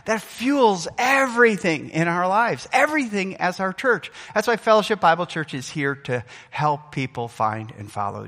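A middle-aged man with a slightly high, fairly bright voice preaches as pastor. He's earnest and emphatic, his delivery swelling and dropping. The church sanctuary lends a long hall reverb.

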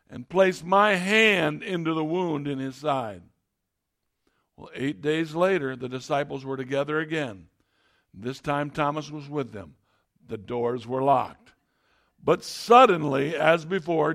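A man's voice: a little high, a bit bright. A middle-aged man preaching a sermon, reading scripture and telling stories in a conversational way with frequent restarts. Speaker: pastor.

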